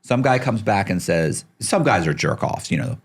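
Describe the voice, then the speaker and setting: Deep-voiced man spinning a casual story. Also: normal speed, vocal fry, slightly rough. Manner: animated, acts out the people he quotes, swears casually. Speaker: podcast guest.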